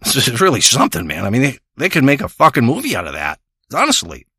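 A man's voice: mid-range voice, huge pitch swings, fast talker, sharp tone, husky, no echo, clean studio sound. A man delivering a crude, rambling comic monologue, ranting and swearing as he tells a story.

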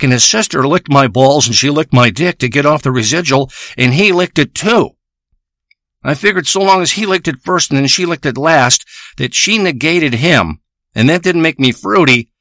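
Foul-mouthed boastful man, bright voice. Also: fairly high pitch, dry recording, clean studio sound. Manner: profane, boastful, blunt. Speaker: host of a recorded monologue. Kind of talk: crude rambling monologue.

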